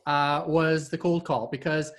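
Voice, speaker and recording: A man hosting a casual interview, talking in a halting way with many fillers and restarts. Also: on the high side, fairly even intonation. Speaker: host.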